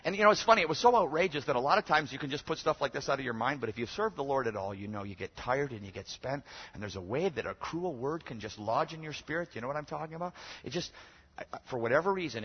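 A man preaching a sermon as pastor, moving between loud, emphatic exhortation and quiet, conversational storytelling. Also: medium pitch, expressive, quick pace, husky. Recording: dull lo-fi sermon recording.

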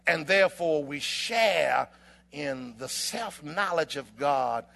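A man's voice, a little high, gravelly and animated, carries a passionate sermon. Rhythmic, alliterative phrases swell into shouts, broken by dramatic pauses.

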